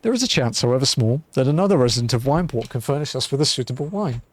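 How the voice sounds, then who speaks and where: A man's voice: mid-range voice, animated, racing, dry recording, close to an everyday voice. A man voicing a blind retired male mercenary turned wine merchant who speaks in a courteous, old-fashioned formal way, reading game dialogue aloud. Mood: wistful.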